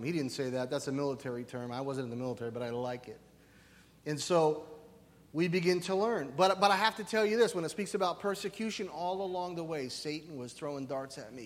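A male pastor preaching a lively, conversational sermon, often checking in with "right?". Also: a little high, a little fast. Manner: animated, conversational, keeps asking "right?". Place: church sanctuary. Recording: reverberant hall.

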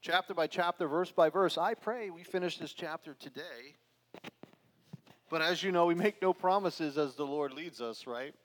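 A man's voice: fairly high pitch, moderate pace. A middle-aged man pastor preaching a verse-by-verse sermon, earnest and emphatic, with conversational asides to his congregation. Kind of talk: expository sermon. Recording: long hall reverb.

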